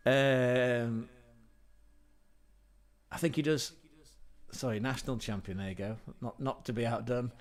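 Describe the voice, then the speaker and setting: A man's voice: medium pitch, steady tone, a little slow, long pauses. An English man hosting a livestream, telling a rambling anecdote in casual, sweary speech with frequent self-corrections. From England. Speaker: livestream host.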